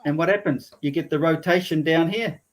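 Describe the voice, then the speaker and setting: Man, somewhat high voice, excitable, casual panel talk. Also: a little fast. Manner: excitable, trailing off mid-sentence. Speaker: guest presenter.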